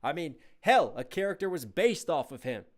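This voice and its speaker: A man's voice: fairly high pitch, big pitch swings, normal speed. A man hosting a reaction video, analyzing rap flows and rhyme schemes with enthusiasm and scatting the rhythms. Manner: enthusiastic, analytical, imitates flows with scat syllables. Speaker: reaction video host, rapper. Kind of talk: casual music breakdown commentary.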